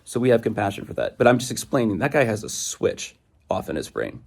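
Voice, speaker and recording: A young man talks to the camera from a hiking trail, fired up and exasperated. His voice sits a little low, and he rambles from one point to the next, going off on tangents. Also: very animated, a little fast, vocal fry, darkish tone. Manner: ranting, exasperated, goes off on tangents. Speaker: thru-hiker vlogger. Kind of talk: rambling outdoor vlog monologue.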